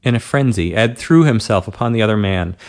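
A man reading an adult story aloud at a steady, unhurried pace. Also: lowish voice. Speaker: narrator.

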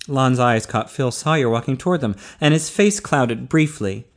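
A man reading an audiobook as narrator, in a steady, measured voice. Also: medium pitch.

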